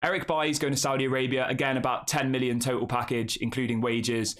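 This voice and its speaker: A man's voice: mid-range voice, level tone, fast, fairly bright tone. A young man hosting a casual football live stream, chatting and talking straight to his viewers. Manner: chatty, addresses the chat as guys. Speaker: football channel host.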